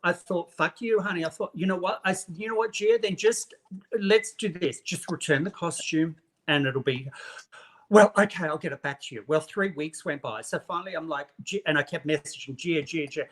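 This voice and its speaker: A chatty guest spins a long gossipy story, sprinkling "honey" through nearly every sentence. This speaker acts out what everyone said in quotes, in a mid-pitched voice. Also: normal speed. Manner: acts out others' lines in quotes. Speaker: guest costume maker. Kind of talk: casual chat.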